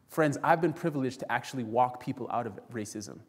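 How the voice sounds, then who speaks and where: A man's voice: medium pitch, brisk, few pauses, breathy edge. A man preaching a sermon to a congregation, telling a story and acting out the voices of the people in it. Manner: storytelling, acts out quoted voices, addresses congregation as friends. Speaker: pastor. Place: church sanctuary. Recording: long reverb in a church hall.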